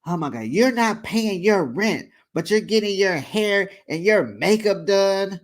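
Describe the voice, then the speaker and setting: Sassy recap host gossiping slow and easy, voice bouncing way up and down. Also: medium pitch, expressive. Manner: chatty and sassy, with frequent laughs and acted-out quotes. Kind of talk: casual recap commentary.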